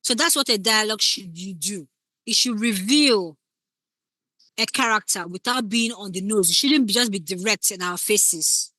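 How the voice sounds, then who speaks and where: Bright woman teaching. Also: mid-range voice, normal speed, no echo. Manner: conversational, acts out short example lines. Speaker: scriptwriting instructor. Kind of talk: casual classroom lecture.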